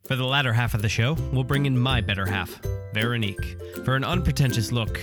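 A man's voice: mid-range voice, fairly quick, loud music behind the voice. A man hosting a podcast, teasing his co-host with dry wisecracks in casual comic chat.

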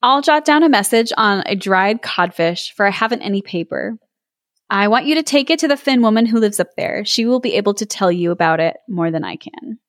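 A woman reads a fairy tale aloud for a podcast, lively and playful with little character voices. Her voice sits at an ordinary middle pitch. The sound is dry and close, with no room around it. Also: brisk, dry recording. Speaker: podcast co-host reading aloud. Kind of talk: storybook read-aloud with chat.

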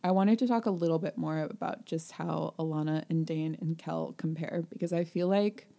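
A young woman chats on her podcast with a lowish, gravelly voice. She talks in an animated, gushing way. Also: normal speed. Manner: animated, gushing, acts out quotes in a high voice. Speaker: podcast co-host. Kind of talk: casual chat.

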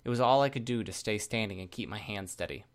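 A man reading a first-person story aloud in a steady, measured narration. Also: fairly low pitch. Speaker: audiobook narrator.

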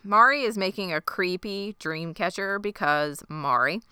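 Bright-voiced woman recapping a show. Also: medium pitch, unhurried, smooth, dry recording, clean studio sound. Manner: animated recapping, acting out characters' lines. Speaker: podcast co-host recapping a TV episode. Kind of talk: casual chat.

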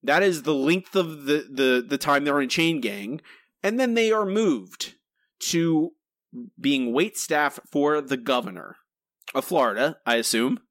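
A man co-hosting a podcast, complaining in an exasperated, rambling way and restarting his sentences. His voice sits a little high, and the sound is dry and close. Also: animated, a little slow, fairly bright tone, dry recording. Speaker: podcast co-host. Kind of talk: casual review chat.

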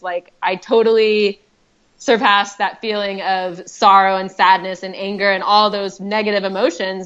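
A woman's voice: medium pitch, a bit bright, dull audio. A woman telling her own story as a podcast guest, chatty and heartfelt, with many fillers and restarts. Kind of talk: personal storytelling.

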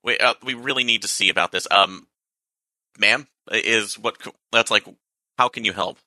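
Very bright-voiced male player. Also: fairly low pitch, moderate pace, dry recording. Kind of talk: casual tabletop role-play.

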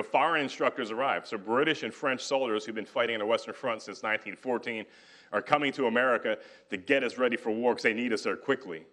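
A man's voice: medium pitch, sharp tone. A man giving a military history lecture to a live audience, talking conversationally with joking asides and casual paraphrases of historical figures. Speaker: guest lecturer.

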